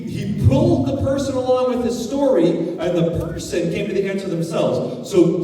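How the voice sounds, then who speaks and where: A man teaching storytelling to a live group, playful and animated, constantly shifting his voice from loud to hushed. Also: high voice. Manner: animated, playful, lots of voice changes. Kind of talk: workshop talk with acted storytelling. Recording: echoey hall from far off.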